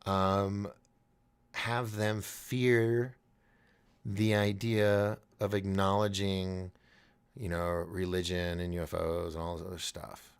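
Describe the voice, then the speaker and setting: A man with a fairly low, gravelly voice hosts a relaxed live stream, reading chat comments aloud. He rambles, restarts his sentences and thinks out loud as he goes. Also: takes it slowly.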